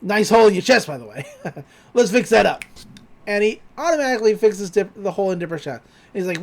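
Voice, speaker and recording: A woman's voice: mid-range voice, normal speed. A woman co-hosting a podcast, animatedly recapping a cartoon episode and acting out the characters' lines. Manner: animated retelling, acting out lines, laughing often. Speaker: podcast co-host. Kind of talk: casual recap chat.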